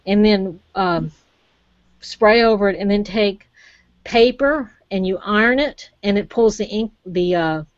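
A woman's voice: mid-range voice, measured pace, dry recording. A chatty woman leads a live craft demonstration and keeps urging her viewers not to be scared. Her voice is close and dry, with no room sound. The audio is dull and lo-fi, like an old webcam. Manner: encouraging, chatty, addresses viewers as y'all.

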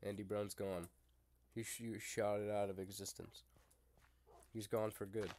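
A man's voice: on the low side, little pitch movement, a little slow, darkish tone, a little hiss or hum. A young man chatting casually while playing a video game, teasing his friend crudely and laughing often. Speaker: gamer. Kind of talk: casual gaming chat.

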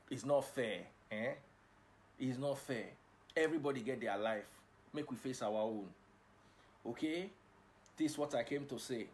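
Middle-aged Nigerian male broadcaster, casual live chat, playful, preachy. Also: mid-range voice. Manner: switches between English and pidgin, playful and preachy. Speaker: livestream host and broadcaster.

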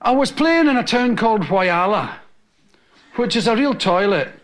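Scottish male comic, high, sing-song delivery, rambling live stand-up. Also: moderate pace. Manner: animated, rambling anecdotes with audience laughter. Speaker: stand-up comedian. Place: television studio with a live audience. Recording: loud hiss on an old TV recording.

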